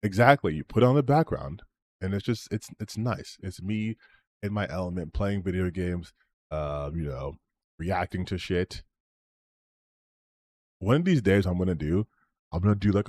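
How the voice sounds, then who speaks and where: A man's voice: low voice, expressive, normal speed, pauses often, darkish tone. A man streamer closing out his stream in a rambling, self-promoting chat, swearing freely as he talks. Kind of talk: casual stream sign-off chat.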